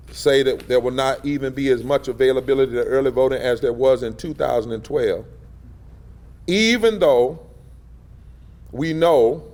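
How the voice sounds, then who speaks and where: A man's voice: mid-range voice, darkish tone. A man, speaking as a civil rights leader at a press event, in a rhythmic, emphatic preacher style that swells on key phrases. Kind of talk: impassioned preacher-style public address. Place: indoor press gathering.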